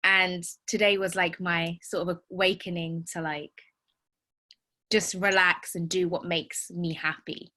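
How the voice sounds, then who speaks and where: A woman's voice: fairly low pitch, little pitch movement, unhurried, sharp tone. A woman, a teacher, reflectively sharing her experience on a group coaching call, with frequent "like" fillers.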